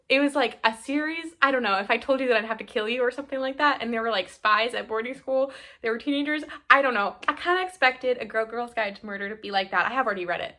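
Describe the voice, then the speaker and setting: A young woman talks to her camera in a loose, rambling way, often cutting herself off mid-thought. She is teary and half-crying as she laughs. Her voice sits a bit high with a bright, forward ring. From United States. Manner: rambling, self-interrupting, laughing through tears. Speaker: book vlogger. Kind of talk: casual chat to camera.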